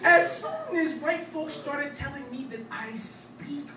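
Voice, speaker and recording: A man's voice: very high-pitched, very animated, takes it slowly, a crowd in the background. A man performing a spoken word poem to a live audience, with a rhythmic, rhymed delivery and punchy emphasis. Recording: echoey room, distant mic, background noise.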